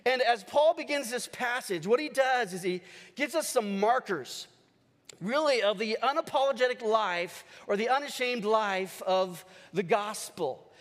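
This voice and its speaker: Pastor guy with a really high voice, fired up sermon, big echoey church hall. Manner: energetic, leads the congregation in call-and-response cheers. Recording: long church hall reverb.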